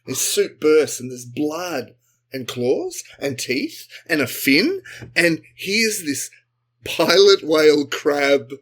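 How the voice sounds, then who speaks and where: A man co-hosting a comedy podcast, improvising a sci-fi story and jumping into quick character voices. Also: on the high side, slightly rough. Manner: animated, acts out characters in quick bursts. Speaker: podcast co-host.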